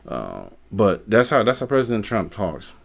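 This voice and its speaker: A man's voice: on the low side, huge pitch swings, moderate pace, vocal fry. A man hosting a live stream, talking casually and rambling, with many fillers and repeated words. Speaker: live stream host, postal worker.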